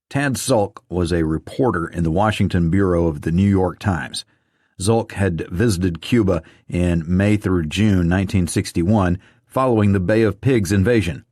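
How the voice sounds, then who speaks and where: Male audiobook narrator, measured and low, reads reports, dry booth sound. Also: darkish tone, dry recording. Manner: measured, reads quotes and footnotes aloud. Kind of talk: reading a government report aloud.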